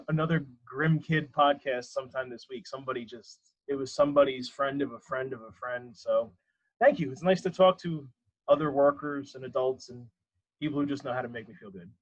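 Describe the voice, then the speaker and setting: A man's voice: medium pitch, steady tone, normal speed. A man chatting as a podcast guest, rambling through stories and laughing at himself often. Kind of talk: casual interview chat. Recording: lo-fi dull sound.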